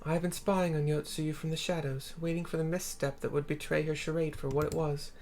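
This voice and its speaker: A man reading out the lines of a calm, wary female shinobi spy in a video game, in his own plain voice. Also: a little high, a little hiss or hum, voice pushed up, close to an everyday voice. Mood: grave. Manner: measured, grave reporting. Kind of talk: reading game dialogue aloud.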